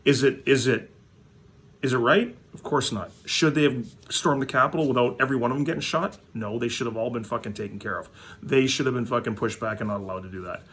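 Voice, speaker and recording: A man's voice: mid-range voice, fast talker, a bit bright, slight background noise. Blunt, swearing Canadian man ranting. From Manitoba, Canada. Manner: blunt, profane, rambling, with frequent fillers. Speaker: hockey card vlogger. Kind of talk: casual profane rant.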